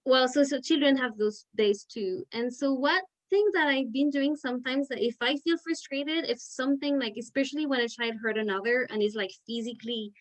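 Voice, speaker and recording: A woman's voice: a little high, low-quality recording. A woman teacher leading a parent education session over a video call, talking in a chatty, filler-heavy way. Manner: chatty, with many "like" fillers and restarts. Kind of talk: casual explanatory talk.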